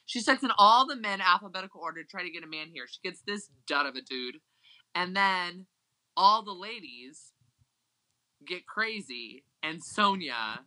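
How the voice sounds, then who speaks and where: A podcast co-host in casual chat, recapping scenes emphatically and excitably. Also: medium pitch, poor audio.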